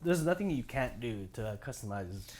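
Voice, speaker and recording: A young man chats excitedly on a casual podcast. His talk is slangy and enthusiastic, and he keeps restarting his sentences with fillers. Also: medium pitch, moderate pace, a crowd in the background. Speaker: podcast co-host. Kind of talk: casual sneaker chat.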